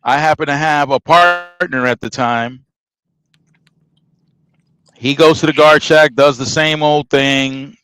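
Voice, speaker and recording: A man's voice: fairly high pitch, steady tone, slow, pauses often, fairly bright tone, clear, resonant tone, poor audio. A middle-aged man casually telling a story, emphatic and acting out the dialogue as he goes. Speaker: podcast host telling a trucking story.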